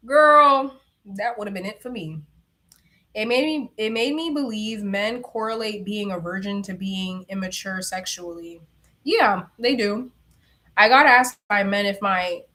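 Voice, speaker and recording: A woman's voice: mid-range voice, a little slow, fairly bright tone. A young woman hosting a livestream, chatting candidly with viewers in slangy talk and laughing often. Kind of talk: casual chat.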